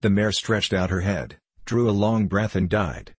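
A man narrating a classic novel in a measured, steady storytelling voice. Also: on the low side, breathy edge, no room sound. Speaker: audiobook narrator.

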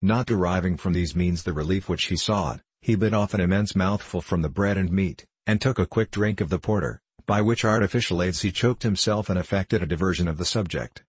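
A man reading a classic novel aloud as an audiobook narrator, in a steady, measured way. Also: low voice, slightly rough, no echo. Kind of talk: scripted narration.

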